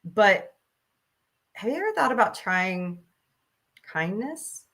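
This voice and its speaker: A woman's voice: medium pitch, sing-song, slow, fairly bright tone. A woman in her forties hosting a casual talk stream, ranting bluntly and profanely, laughing often. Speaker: host.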